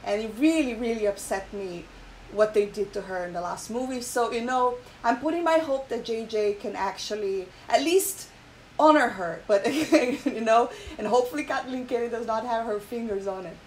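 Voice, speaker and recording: A woman's voice: on the high side, normal speed, darkish tone, a little hiss or hum, rough recording. Emotional woman vlogger chatting. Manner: emotional, frequent fillers and repeated "okay?". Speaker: channel host. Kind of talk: casual commentary, reading an article aloud.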